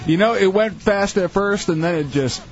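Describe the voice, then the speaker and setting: A man's voice: high voice, normal speed, soft background music, some chatter behind. A man on a radio show, chatting casually in a wry drawl. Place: radio studio. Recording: dull radio broadcast.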